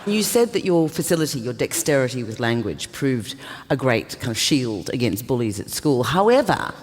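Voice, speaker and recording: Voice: medium pitch, big pitch swings, normal speed, a little hiss or hum. An interviewer asking wry, set-up questions in a live on-stage interview. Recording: live theatre hall reverb.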